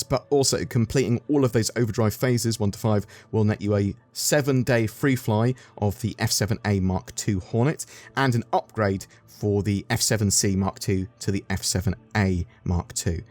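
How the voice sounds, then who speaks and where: A man's voice: fairly low pitch, a little mellow. Chatty English man with gaming news. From England. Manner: chatty and upbeat, asks viewers questions, some ums. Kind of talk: casual game update video.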